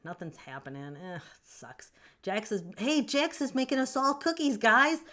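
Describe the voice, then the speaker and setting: A woman's voice: a little high, lively intonation, moderate pace, a bit bright. Chatty Southern woman livestreaming. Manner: chatty, bursts into laughter, playful mock scolding. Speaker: author hosting a livestream. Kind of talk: casual livestream chat reading comments.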